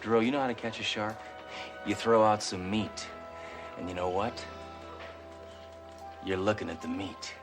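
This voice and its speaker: A man plays a cocky tough-guy cop with dry, deadpan wisecracks. His voice is low and gruff. Music runs underneath. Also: normal speed, long pauses, natural voice. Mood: smug. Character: cocky, trigger-happy male cop. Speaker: police detective. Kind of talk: 1980s sitcom acting.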